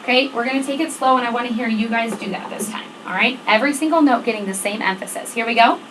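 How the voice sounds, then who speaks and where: With a student band playing behind her, a woman band teacher speaks fast in a slightly high, fairly bright voice. She gives directions, counts off the tempo and checks in often during rehearsal. Recording quality is poor, with slight background noise.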